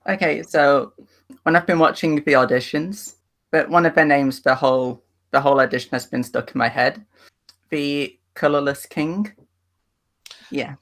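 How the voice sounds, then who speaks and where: A man's voice: on the high side, moderate pace, fairly bright tone. A man giving casual interview answers in a hesitant way, often repeating his words. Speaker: interviewee and player.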